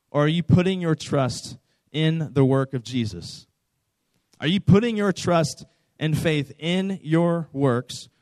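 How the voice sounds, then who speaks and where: A man's voice: a little high, darkish tone, no echo. Earnest young man preaching, dry sound. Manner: earnest, repeats phrases, asks listeners direct questions. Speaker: pastor. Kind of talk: conversational sermon.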